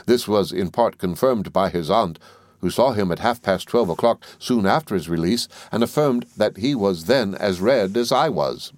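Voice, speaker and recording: A man narrating a classic novel as an audiobook reader in a measured, even delivery. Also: on the low side, dry recording.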